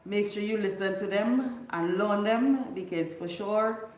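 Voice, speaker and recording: A woman's voice: mid-range voice, measured pace, a little mellow, reverberant, rough recording. A woman from Bequia with a mixed Vincentian, Trinidadian and Grenadian accent, hosting a casual live chat and teaching local dialect phrases to her viewers. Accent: Vincentian with Trinidadian and Grenadian traces. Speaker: livestream host.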